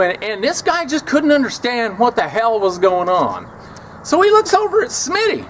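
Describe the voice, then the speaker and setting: A man's voice: sits high, wildly swooping pitch, normal speed, fairly bright tone, a little hiss or hum. A man telling a story from his years as a prison officer, wry and scornful, acting out the people he quotes. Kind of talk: casual storytelling.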